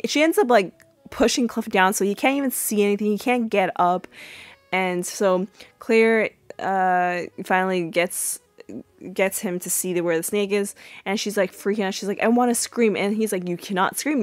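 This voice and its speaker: Chatty woman recapping a sitcom episode. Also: no echo. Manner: chatty, many fillers, acts out quotes in a high squeal. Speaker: podcast host.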